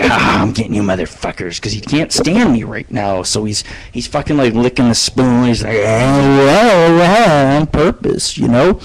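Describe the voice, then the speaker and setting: A man's voice: medium pitch, rough recording. Rambling, foul-mouthed male radio host. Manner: profane, rambling, storytelling. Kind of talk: casual rambling monologue.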